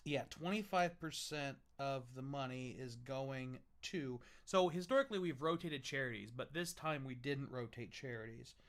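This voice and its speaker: A man's voice: mid-range voice, normal speed, few pauses, fairly bright tone. A young man hosting a livestream, chatting loosely and joking while tasting bourbon. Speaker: livestream host. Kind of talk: casual tasting chat.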